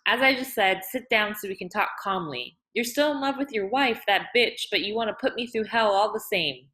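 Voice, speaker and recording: A woman's voice: animated, moderate pace, sharp tone. A woman reading aloud and voicing a distraught young woman who pleads and reproaches in a raised, emotional voice. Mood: pleading, distraught. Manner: high, pleading, emotional delivery.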